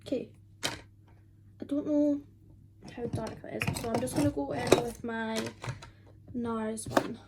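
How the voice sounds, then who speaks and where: A woman's voice: on the high side, steady tone, slow, long pauses, very noisy. Chatty twenty-year-old woman. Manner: chatty, rambling, many fillers. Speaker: beauty vlogger. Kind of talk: casual chat while doing makeup.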